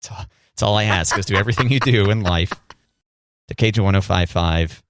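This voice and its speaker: A man's voice: lowish voice, fairly quick, a bit bright. A man co-hosting a radio show, bantering casually with joking, rambling asides.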